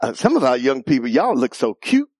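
A man preaching a sermon in a church, calling out questions to the congregation, teasing with laughs and rising to shouts. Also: medium pitch, sing-song, a little fast, slightly rough, dry recording, studio quality. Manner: playful teasing asides with laughter.

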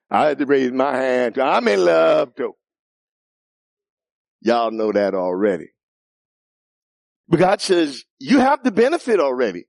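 A man preaching a sermon in a church, calling out questions to the congregation, teasing with laughs and rising to shouts. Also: sits high, wildly swooping pitch, measured pace, creaky, no room sound, studio quality. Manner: playful teasing asides with laughter.

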